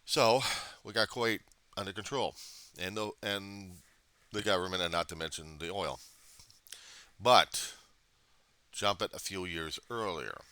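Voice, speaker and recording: A man's voice: sits low, measured pace, pauses often, bright, forceful tone, no room sound. An American man vlogging a rambling, profane history monologue, full of digressions and self-corrections. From United States.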